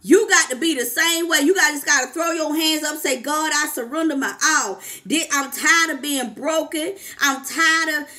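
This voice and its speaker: A woman's voice: sits high, normal speed, few pauses, sharp tone. A woman life coach, preaching to camera with fervent, repetitive exhortations and calls of "come on, somebody".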